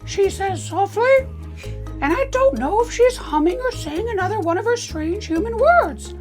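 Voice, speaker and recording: A cheery, squeaky cartoon mouse, as a woman puts him on, high and bouncing. The voice darts up and down in a bright falsetto as it reads aloud. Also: lively intonation, normal speed, faint music behind. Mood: playful squeak. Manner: high falsetto cartoon impression, reading a steamy passage.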